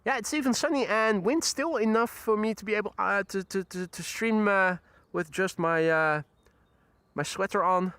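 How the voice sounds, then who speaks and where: A man's voice: sits high, moderate pace, bright, forceful tone, clean tone, dry recording. A man hosting a live plane-spotting stream outdoors, chatting casually with viewers and using frequent fillers. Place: outdoors near airport runway.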